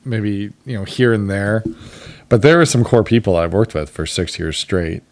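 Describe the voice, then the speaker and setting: A man's voice: fairly low pitch, expressive, normal speed, a little mellow. A man co-hosting a podcast, talking casually and reflectively, near tears as he gets sentimental. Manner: reflective, gets choked up and emotional. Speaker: podcast co-host. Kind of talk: casual chat.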